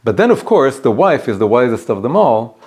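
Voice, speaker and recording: A rabbi with a middle-pitched, slightly rough voice teaches a casual class in a private home. Animated and quick to restart his thoughts, he tells stories and explains ideas in a storytelling lesson.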